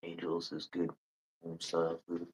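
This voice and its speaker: Man, from Canada, very deep voice, blunt, profane, rambling live chat. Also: completely flat delivery, unhurried, a little mellow, breathy edge, low-quality recording. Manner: swears freely, rambling and blunt; mocks people in high put-on voices. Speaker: livestream host. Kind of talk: casual live chat with viewers.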